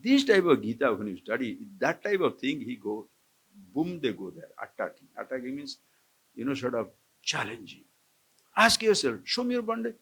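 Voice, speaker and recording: A man's voice: medium pitch, sing-song, normal speed, a bit bright, husky. A man, a swami giving a live spiritual discourse to a camp audience, questioning his listeners and chuckling often. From India. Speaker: swami teaching scripture. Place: lecture hall at an ashram camp.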